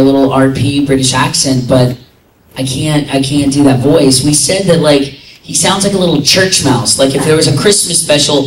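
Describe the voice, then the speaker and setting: A man rambling through stories at a convention panel, piling on filler words as he goes. His voice is mid-pitched and picked up from a distance in an echoey hall. Faint room noise sits under it. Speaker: convention guest voice actor. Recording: echoey hall, recorded from afar.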